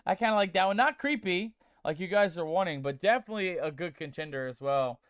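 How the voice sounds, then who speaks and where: A man's voice: sits high, animated, quick pace, a bit bright, dry recording, clean studio sound. A man streaming a game, chatting casually and playfully with viewers he calls mateys while reading chat aloud. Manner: reads chat aloud and tests text-to-speech voices.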